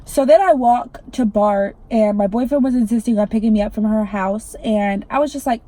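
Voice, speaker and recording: Young woman, irritated, casual storytime vlogger, swears and says "like" a lot, slightly high pitch. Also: moderate pace, few pauses, warm tone. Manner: irritated, swearing, heavy use of "like".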